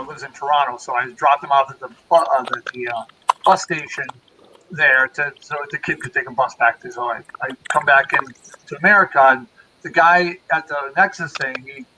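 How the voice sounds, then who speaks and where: A man in his forties telling stories in a casual chat, acting out the voices of the people he quotes. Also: fairly high pitch. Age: 40s. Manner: animated storyteller, acts out quoted voices. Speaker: podcast host. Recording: noisy podcast audio.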